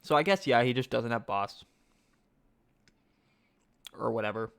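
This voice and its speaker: A man giving live-stream commentary on a card game tournament, excitable and thinking aloud, often asking his chat questions. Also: medium pitch, a little slow, creaky, clear, resonant tone.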